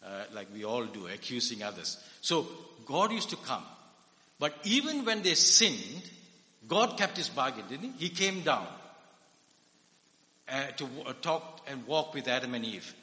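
This Indian preacher and psychiatrist talks through his sermon conversationally, throwing questions out to the audience. The echoey hall carries his medium-pitched, sing-song voice, measured and bright with a forceful edge.

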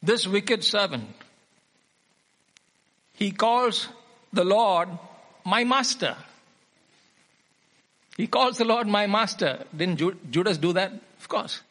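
A man preaching a sermon in a fairly high voice, reading Bible passages and then driving points home by saying them twice. His tone is bright and forceful, with an emphatic, teacherly delivery. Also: expressive, slow pace, long pauses. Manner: emphatic, repeats key phrases.

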